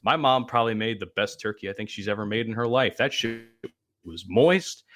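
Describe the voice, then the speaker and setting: A man's voice: lowish voice, brisk. A man co-hosting a podcast in casual banter, emphatic and pushy when he makes his point. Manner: emphatic, gets loud when arguing. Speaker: podcast co-host.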